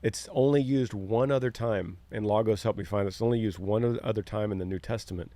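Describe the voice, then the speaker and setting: A man's voice: fairly low pitch, fairly quick, dark tone, dry recording. A middle-aged man, talking earnestly in a casual podcast chat and acting out quoted lines as he tells a story. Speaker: podcast co-host.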